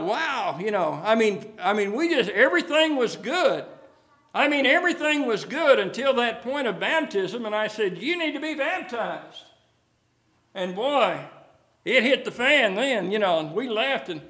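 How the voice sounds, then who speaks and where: Folksy high-voiced male preacher. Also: pushed and bright. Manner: folksy, repetitive, many restarts. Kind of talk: sermon with storytelling.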